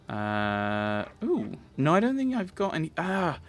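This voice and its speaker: A man's voice: fairly high pitch, huge pitch swings, unhurried, hardly any pauses. A man casually commentating his game playthrough, rambling with lots of restarts. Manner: rambling, chatty, many fillers and restarts. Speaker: let's play host.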